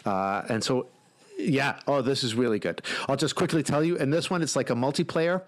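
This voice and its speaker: A man chatting casually about a video game and telling a funny story with growing excitement. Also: medium pitch, fairly quick. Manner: animated storyteller, laughs while telling.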